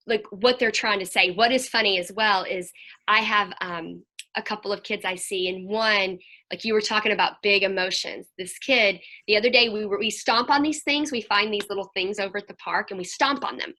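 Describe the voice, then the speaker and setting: A woman counselor talking to a group over a video call, telling lively stories and acting out what children said. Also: mid-range voice, normal speed. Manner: animated storyteller, acts out children's voices.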